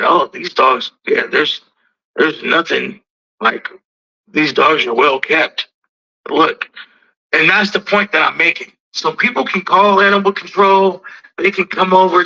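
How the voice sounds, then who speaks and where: A man's voice: a little high, bright, forceful tone. A man talking casually about keeping dogs, often repeating himself and acting out quoted back-and-forth exchanges. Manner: repetitive, restarts, acts out quoted exchanges. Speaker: dog breeder. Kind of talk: casual talk. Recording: dull lo-fi audio.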